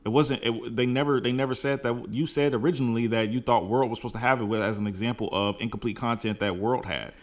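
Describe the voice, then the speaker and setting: A man's voice: medium pitch, fairly even intonation, fast talker, few pauses. A man in a played clip giving casual video commentary, blunt and dismissive as he insists on his point. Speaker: content creator in a played response clip.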